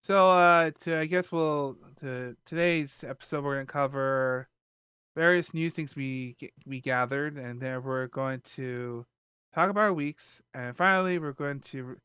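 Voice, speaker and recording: A man's voice: medium pitch, unhurried, bright, forceful tone, smooth, dry recording, dull audio. A man hosting a casual podcast, rambling with lots of fillers. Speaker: podcast host.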